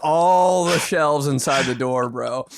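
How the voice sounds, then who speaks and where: A young man co-hosting a casual comedic podcast, telling animated stories and acting out his dad in raised bursts. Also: a little high, slow pace, vocal fry, noisy background. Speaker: podcast co-host.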